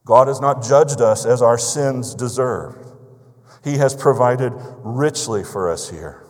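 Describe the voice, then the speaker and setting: A man preaching a sermon as pastor, telling stories conversationally and asking emphatic rhetorical questions. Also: lowish voice. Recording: long reverb of a large hall.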